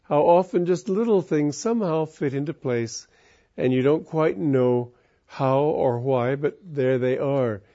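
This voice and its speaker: A man giving a reflective spiritual talk, telling a personal story in a calm, musing way with wandering sentences. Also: on the high side, measured pace. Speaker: spiritual teacher. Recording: muffled lo-fi recording.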